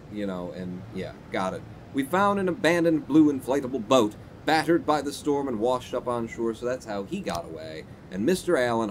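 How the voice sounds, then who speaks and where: A man's voice: medium pitch, a little hiss or hum. A man streaming a game live, reading its text aloud and making sarcastic asides to his chat. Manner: animated, sarcastic, talks to chat.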